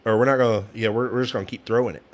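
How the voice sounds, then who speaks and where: A man's voice: medium pitch, steady tone, racing. A young man giving casual fan play-by-play commentary, frustrated and ranting at the play calling, sometimes swearing.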